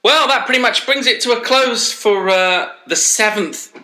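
A man's voice: high-pitched, expressive, a little slow, a crowd in the background. A man co-hosting a podcast, giving jokey mock-formal verdicts in casual chat. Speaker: podcast co-host.

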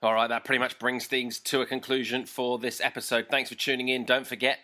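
A man's voice: mid-range voice, level tone, brisk, pushed and bright, lightly acted. A man playing an upbeat podcast host introducing callers in a comedy sketch.

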